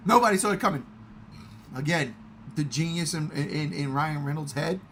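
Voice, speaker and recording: A man chatting casually in a movie review, excitable and swearing often. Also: a little high, normal speed, a little hiss or hum. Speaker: podcast host.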